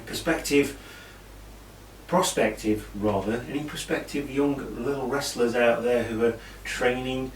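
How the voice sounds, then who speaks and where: A British man casually recapping an old wrestling event, rambling with asides and fillers. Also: mid-range voice. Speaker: wrestling show reviewer. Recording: echoey room, mic at a distance, faint hiss.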